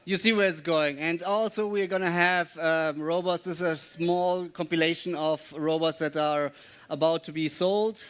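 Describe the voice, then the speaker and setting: A man's voice: fairly high pitch, steady tone, a bit bright, clear, resonant tone. Hesitant man presenting. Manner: explanatory, asks the audience questions, hesitant with pauses. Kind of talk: live presentation to an audience.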